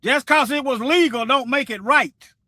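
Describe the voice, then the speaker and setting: Brief: male stream host, preachy and repetitive, sharp high voice. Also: normal speed, no echo, clean studio sound. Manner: preachy, repeats himself, animated. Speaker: livestream host. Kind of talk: casual commentary livestream.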